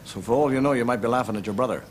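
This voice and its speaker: A man's voice: medium pitch, very fast, very noisy. An Irish man doing a stand-up comedy monologue in a dry, wry storytelling manner. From Ireland.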